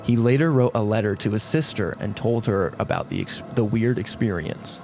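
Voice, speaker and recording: A man's voice: on the low side, normal speed, music in the background. Casting: laughing male co-host, casual comedy chat and story reading. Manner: laughs often, trails into jokes. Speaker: podcast co-host and story narrator.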